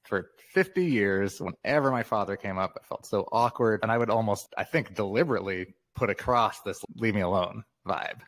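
A man in his fifties, a memoir author, talking as a podcast guest in a relaxed, reflective way and laughing often. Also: lowish voice, a little fast, few pauses. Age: 50s. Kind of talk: casual interview conversation.

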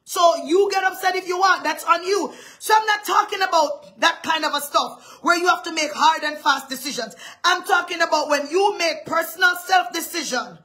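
Middle-aged lady preaching on a livestream, high bright voice, super emphatic and dramatic. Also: normal speed, hardly any pauses. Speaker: pastor. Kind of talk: live-streamed sermon.

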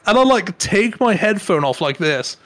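A young man, telling stories in a relaxed podcast chat. His voice sits a bit higher than most men's, and he keeps laughing and acting out the people he quotes. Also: moderate pace. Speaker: podcast co-host. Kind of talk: casual storytelling chat.

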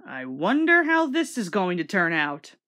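A woman's voice: fairly low pitch, sing-song, unhurried, sharp tone, faint music behind. A woman hosting a casual video commentary, sarcastic and wisecracking. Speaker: commentary host.

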